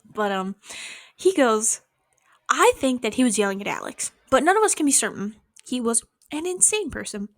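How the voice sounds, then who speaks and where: A young woman vlogger speaks at normal speed in a dry, clean studio-sounding recording. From her bedroom she tells a casual storytime to camera, animated and swearing freely, acting out what people said with big, sudden pitch jumps.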